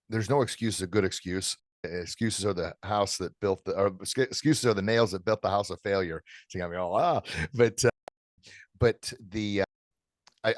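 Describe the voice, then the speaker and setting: A man, a martial arts instructor, speaking as a podcast guest in an emotional, halting way with many restarts. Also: on the low side, no echo, clean studio sound. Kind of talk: casual interview chat.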